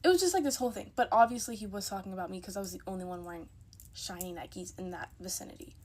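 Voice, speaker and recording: A woman's voice: mid-range voice, fast, a little mellow. A young woman telling a casual storytime into her phone, chatty and emphatic, acting out the people in her story.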